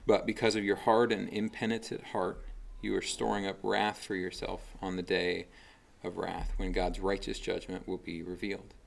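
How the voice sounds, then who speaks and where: A man with a very low, gravelly voice delivers a relaxed sermon. He talks conversationally, full of fillers and restarts. It sounds like a pastor teaching, not performing. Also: moderate pace. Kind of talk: casual sermon.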